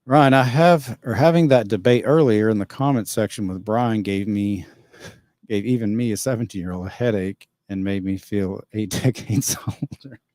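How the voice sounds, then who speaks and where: A man hosts a casual livestream, reading out viewer comments and answering them in a loose, rambling, opinionated way. His voice sits low and sounds dark and mellow. The sound is dry and close, with no room around it. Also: moderate pace, no room sound. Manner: rambling, opinionated, chuckles often. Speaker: livestream host reading chat.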